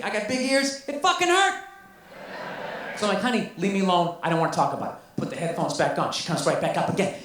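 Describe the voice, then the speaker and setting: A man's voice: very high voice, fairly bright tone. Exasperated, profane male stand-up comic. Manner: profane, exasperated storytelling with mock-quoted voices. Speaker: stand-up comedian. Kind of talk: stand-up routine. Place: stand-up special played back in a room. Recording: roomy, distant, noisy playback.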